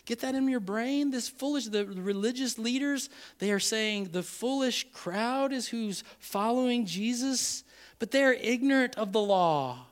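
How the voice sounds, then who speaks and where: High-voiced animated man preaching. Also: measured pace. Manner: animated, acts out quoted voices. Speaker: pastor. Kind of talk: sermon.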